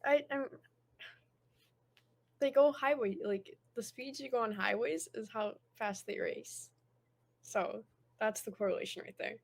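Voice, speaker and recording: Woman, co-host, playful, slow-spoken, gravelly voice. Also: fairly high pitch. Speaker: podcast co-host. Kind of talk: casual podcast chat.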